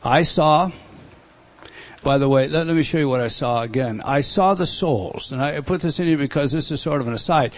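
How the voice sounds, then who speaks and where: A middle-aged man leads a Bible study lecture in a slightly raised voice. He talks slowly and deliberately and doubles up his words to stress a point. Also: on the high side. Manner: slow, deliberate, repeats words for emphasis. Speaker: Bible teacher.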